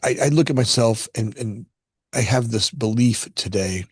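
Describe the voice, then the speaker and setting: At a moderate pace and with a slightly rough mid-range voice, a middle-aged Floridian who founded a construction firm talks through personal stories. It's a casual chat as a guest, and he often doubles up words when launching into a thought; the sound is clean studio audio with no room sound.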